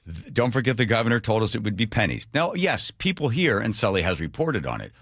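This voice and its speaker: A male talk radio host in full opinionated rant, sarcastic and worked up. His voice leaps up and down in pitch as he presses his point. The studio sound is dry and close. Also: fast talker, no echo. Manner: animated, sarcastic, mock voices for imagined people.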